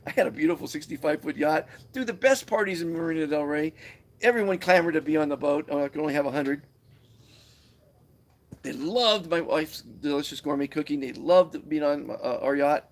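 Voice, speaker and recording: A man giving a live-streamed motivational pep talk, animated and preachy, with stumbling restarts. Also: on the high side, normal speed. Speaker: motivational speaker. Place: Guatemala, where he lives.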